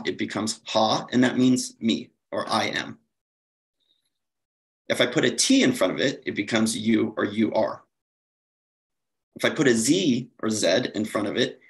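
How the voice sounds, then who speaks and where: A man with a lowish, fairly bright voice gives a conference lecture from slides, explaining things steadily. He uses occasional fillers and corrects himself now and then, and the recording is rough.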